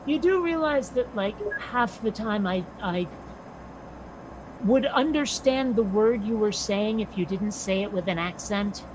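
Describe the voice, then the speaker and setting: An American woman co-hosting a casual chat, blunt and quick to swear. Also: medium pitch. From United States. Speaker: podcast co-host. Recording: noisy background.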